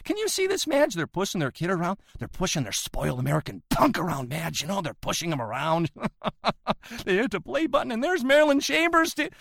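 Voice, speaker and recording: Brief: a man doing a manic middle-aged Florida schemer, rambling and cackling, with a high, lively voice. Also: fairly quick, vocal fry, no echo, studio quality, exaggerated voice. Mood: gleeful. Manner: rambling, repeats "you know, Madge", cackling. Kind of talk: comic character monologue.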